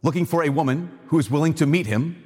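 A man giving a casual, animated sermon, retelling a Bible story and acting out its voices. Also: a little high, fast, breathy edge. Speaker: preacher. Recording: long reverb in a large hall.

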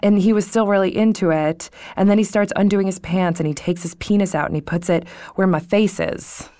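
A woman's voice: medium pitch, brisk, mellow, no room sound, studio quality. A young adult woman co-hosting a podcast in casual chat, blunt and profane, retelling a story with plenty of laughter. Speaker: podcast co-host.

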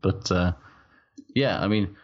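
Deep-voiced ranting man. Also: takes it slowly. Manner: ranting, exasperated. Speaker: podcast co-host. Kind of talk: casual sweary podcast chat. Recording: dull lo-fi sound.

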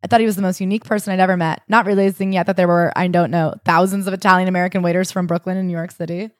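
A woman's voice: lowish voice, little pitch movement, very fast, dry recording. Woman cohost, chatty and jokey, acts out the quotes, dry close sound. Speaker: podcast co-host. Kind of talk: casual chat retelling a memoir.

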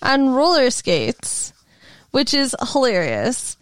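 A woman's voice: high voice, wildly swooping pitch, takes it slowly, smooth, no echo. Brief: female podcast co-host, casual and profane, dry close sound. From Michigan. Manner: retells the film plot, swears casually. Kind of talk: casual chat.

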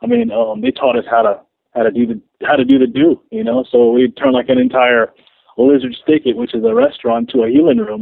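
Gravelly man telling a story over a phone line. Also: very high-pitched, no echo. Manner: animated, repeats words, laughs while telling. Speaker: podcast guest, street minister.

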